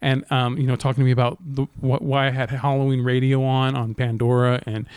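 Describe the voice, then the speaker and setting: A man's voice: medium pitch, level tone, fairly quick, a little mellow, smooth, no echo, clean studio sound. A man on a casual podcast, telling a long story, swearing a lot and acting out the voices of the people in it. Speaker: podcast co-host.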